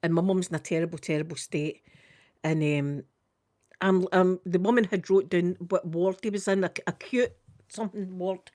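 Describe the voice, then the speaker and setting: A woman's voice: lowish voice, fairly even intonation, normal speed, a little mellow, no echo, clean studio sound. A middle-aged woman with a Scottish accent telling a long story to her live stream in a chatty, tumbling way, full of local idiom. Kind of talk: casual storytelling chat.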